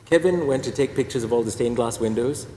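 A man's voice: medium pitch, fairly quick, mellow. A priest giving a personal testimony talk, telling his story with wry, self-deprecating humor. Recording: echoey hall reverb.

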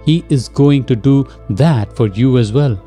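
Male preacher, very mellow dark tone, slow pleading delivery, devotional sermon, faint music underneath. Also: mid-range voice, breathy edge. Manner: slow, pleading, rhetorical questions to listeners; gentle and earnest, leads listeners in prayer.

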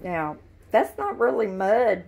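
Slow-talking, gravelly woman. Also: medium pitch, big pitch swings, darkish tone. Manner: giggly, chatty, folksy. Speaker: vlogger. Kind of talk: casual home vlog chat. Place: indoors at home.

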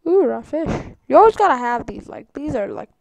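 A woman's voice: high voice, very animated, a little fast, creaky, a little mellow, no room sound, low-quality recording. Jumpy young woman narrating a game. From Canada. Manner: jittery, easily startled, rambling self-talk. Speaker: gaming YouTuber. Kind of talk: Minecraft let's-play commentary.

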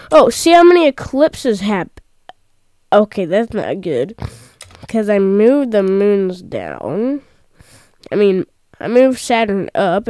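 A woman hosting a gameplay video, chatting excitedly with rambling asides into a desk microphone. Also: medium pitch, smooth, no echo, studio quality. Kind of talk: casual gameplay commentary.

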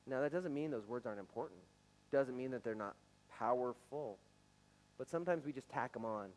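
Speaking briskly and expressively, a man in his forties with a medium-pitched, darkish voice preaches to his church from the sanctuary. The sermon is earnest and conversational, broken now and then by stammering restarts, and the recording is rough.

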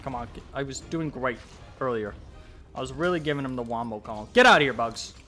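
A young man giving casual let's-play commentary, swearing and talking back to the monster, with sudden yells. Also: mid-range voice, animated, a little fast, soft background music. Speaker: gameplay commentator.

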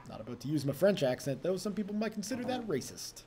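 A man's voice: sits high, sing-song, fast, dark tone, slight background noise. A young man casually commenting on his strategy game session, chatty and self-mocking, laughing often. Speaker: let's play host.

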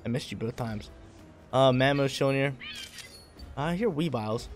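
A man's voice: medium pitch, moderate pace, pauses often, faint music behind. A man giving casual, hyped gameplay commentary, talking in slang and laughing often.

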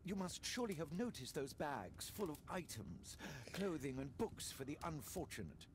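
A wealthy lord in a game, unwell and evasive. His voice sits a bit high and varied. Faint ambience hangs behind. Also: big pitch swings, normal speed, noisy background. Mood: defensive. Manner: genteel, defensive. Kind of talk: video game voice acting.

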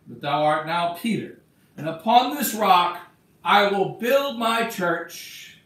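A man's voice: high-pitched, a bit bright. A man preaching an emphatic sermon as a bishop, acting out the words he quotes. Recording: echoey church from far off.

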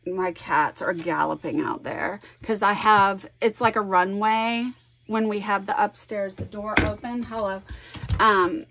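A woman's voice: mid-range voice, fairly bright tone, slight background noise. A middle-aged woman chatting casually while scrapbooking, rambling through a story and acting out both sides of a conversation. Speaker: scrapbooking vlogger. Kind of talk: casual chatty crafting vlog.

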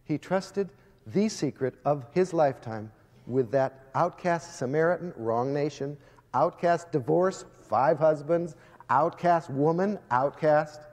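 Man, slightly higher voice, fiery storytelling speaker; long reverb of a big hall. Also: slow pace, darkish tone. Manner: emphatic, storytelling, addresses the audience directly. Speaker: guest speaker addressing students. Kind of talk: impassioned preaching-style speech.

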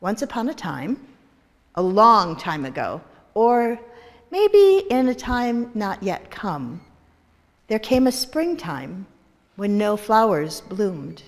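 Woman minister, storytelling, slow and expressive, reverberant hall. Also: mid-range voice. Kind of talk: storytelling in a worship service. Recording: echoey hall.

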